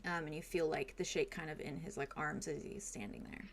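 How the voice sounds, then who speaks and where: Gentle woman game master. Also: deep voice, steady tone, a little fast, a little hiss or hum. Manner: gentle descriptive narration with fillers. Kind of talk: narrating a tabletop game.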